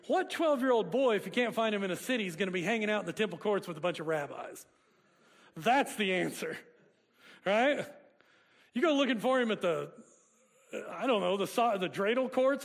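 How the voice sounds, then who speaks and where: A man preaching a sermon, joking and chatting with the congregation in a conversational way. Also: high-pitched. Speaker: pastor. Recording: long hall reverb.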